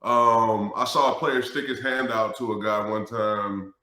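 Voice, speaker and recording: A man who is a former pro football lineman, telling stories in a casual interview, animated and laughing, swearing freely. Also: lowish voice, unhurried. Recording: roomy echo.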